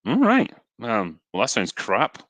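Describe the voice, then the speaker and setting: Scottish male streamer, bright dry close-mic voice, laid-back chat full of ums. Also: medium pitch, unhurried, no room sound. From Scotland. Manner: relaxed, chatty, frequent ums and asides. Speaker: livestream host reading donations. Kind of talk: casual live stream chat.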